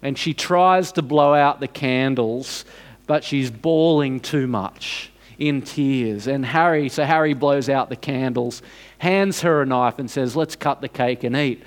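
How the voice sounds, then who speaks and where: A man preaching a sermon, telling a story in an unhurried, dramatic way and building to emphatic points. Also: medium pitch.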